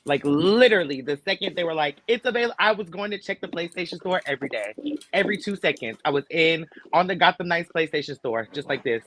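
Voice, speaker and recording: A man on a gaming podcast panel, talking in an animated, joking way. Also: on the high side, quick pace. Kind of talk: casual panel chat.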